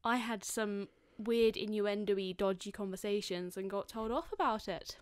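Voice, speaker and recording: A woman's voice: mid-range voice, moderate pace, clear, resonant tone, no room sound, clean studio sound. A young woman co-hosting a casual podcast chat, telling stories and acting out what people said. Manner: chatty storytelling, acting out quotes. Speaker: podcast co-host.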